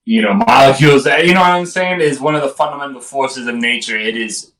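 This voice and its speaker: A man's voice: medium pitch, a little fast, fairly bright tone. A man co-hosting a casual podcast, joking loosely and trailing off mid-thought. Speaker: podcast co-host. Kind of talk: casual chat. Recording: roomy and distant from the mic.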